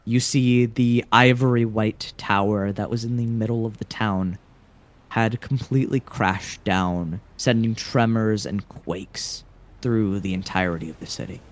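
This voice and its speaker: A man runs a tabletop game and lays out each scene with deliberate, dramatic narration. His voice sits fairly low and he takes his time. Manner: measured, dramatic scene-setting. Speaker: game master.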